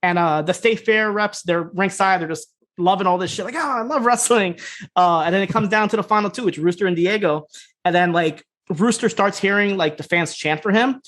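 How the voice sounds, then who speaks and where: A man co-hosting a podcast, casually retelling scenes in a loose, fast way, slipping into quick quoted voices and laughing. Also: high voice, fairly bright tone. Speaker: podcast co-host. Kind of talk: casual recap chat.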